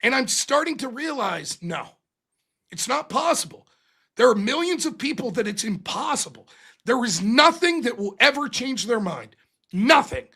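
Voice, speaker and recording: A man hosting a live-streamed political commentary show, ranting in an exasperated, animated and profane way. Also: very high voice, moderate pace, slightly rough. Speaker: livestream political commentary host.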